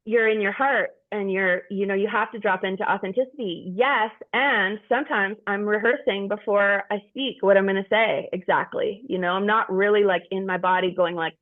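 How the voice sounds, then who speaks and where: A woman's voice: medium pitch, moderate pace, hardly any pauses. A middle-aged woman candidly sharing personal stories with a group, frank and profane, rambling with restarts. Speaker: group participant. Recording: tinny phone-like sound.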